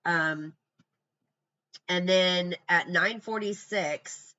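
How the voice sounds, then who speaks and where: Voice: mid-range voice, drawn-out words, bright, forceful tone, muffled recording. A true crime commentator going through a timeline from notes in casual talk, blunt and scornful, with profane asides.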